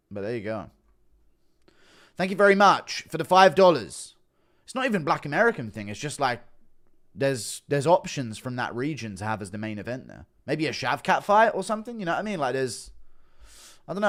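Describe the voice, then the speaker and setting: Animated, blunt livestreaming man. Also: medium pitch. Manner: blunt, rambling, swears a lot. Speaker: livestream host reacting to a podcast. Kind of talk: casual livestream commentary, reading chat.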